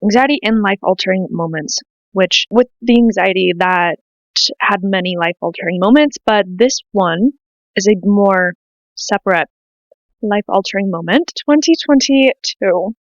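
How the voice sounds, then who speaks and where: A woman's voice: mid-range voice, a little slow, no echo, dull audio. A teenage woman with an American accent, hosting her own podcast in a rambling, emotional, casual confessional way with lots of "like". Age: late teens. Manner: emotional, rambling, says "like" often. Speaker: podcast host. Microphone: to camera, self-filmed.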